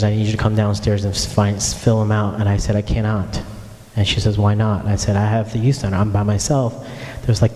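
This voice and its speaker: A pastor with a warm, lowish voice gives a sermon built around his personal testimony, telling it earnestly and speaking straight to his listeners. The sound carries the long reverb of a hall.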